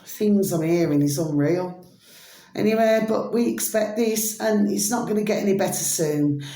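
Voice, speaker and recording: A woman, her voice going hoarse, rambling affectionately through an evening vlog. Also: medium pitch, moderate pace, mellow. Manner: rambling and affectionate, calls listeners babies, keeps asking "do you see what I mean". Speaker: spiritual vlogger. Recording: echoey room.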